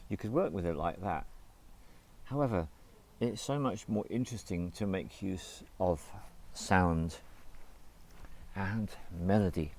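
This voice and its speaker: A man acting as a spiritual teacher, explaining a mantra slowly and deliberately and spelling out its syllables one by one. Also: deep voice, darkish tone.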